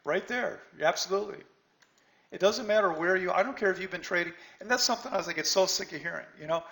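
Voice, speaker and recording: A man's voice: high-pitched, fairly quick, a bit bright, low-quality recording. A middle-aged man teaching a trading seminar in a blunt, scolding way, firing rhetorical questions at his students. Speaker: trading instructor. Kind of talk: seminar lecture.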